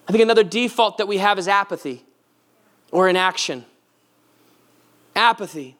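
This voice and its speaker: High-voiced man preaching. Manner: earnest, conversational preaching with direct questions to the audience. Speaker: pastor. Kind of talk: sermon.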